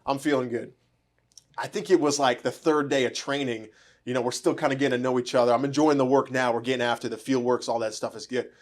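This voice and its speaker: A man spins a story at a rapid clip, his voice sitting at an ordinary middle pitch. He laughs often as he acts out what people said. The tone is loose and conversational, like friends trading stories. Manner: animated, laughing, acts out dialogue.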